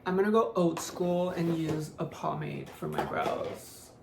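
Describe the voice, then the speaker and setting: A deep, creaky female voice swings hugely in pitch but never hurries. It belongs to a young beauty vlogger chatting casually over a makeup tutorial, offhand and forever saying "like." The space sounds roomy and echoey, with faint background hiss.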